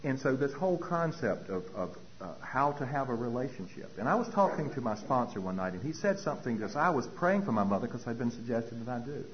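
A man's voice: medium pitch, sing-song, brisk, hardly any pauses, lo-fi sound. A man giving a personal recovery talk at a meeting, telling his story with animation and acting out dialogue.

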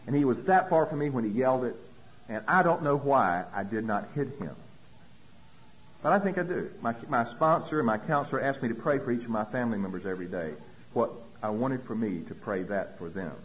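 A man sharing his recovery story from a podium as a personal testimony, telling it in an animated way and acting out other people's voices. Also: mid-range voice, a little fast. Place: speaking at a podium. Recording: dull lo-fi recording with faint hiss.

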